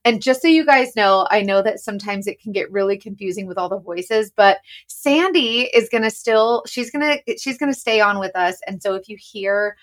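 A woman co-hosting a podcast in bubbly casual chat, often laughing between quick asides. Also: mid-range voice. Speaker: podcast co-host.

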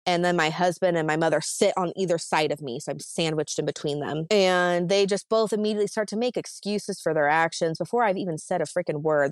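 A woman's voice: fairly low pitch, smooth, no echo. Woman retelling a painful story, dry close sound. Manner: emotional, vivid retelling with lots of "like" fillers. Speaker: podcast guest. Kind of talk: personal storytelling in an interview.

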